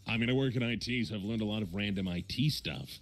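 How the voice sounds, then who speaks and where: A man's voice: lowish voice, quick pace, faint music behind. A man with a Midwestern American accent, hosting a casual chat stream and rambling with lots of fillers and self-corrections.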